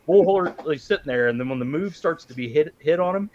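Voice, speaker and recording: Animated laughing male movie podcaster. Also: fairly high pitch, brisk, highs cut off, a little hiss or hum. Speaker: podcast co-host. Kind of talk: casual livestream chat.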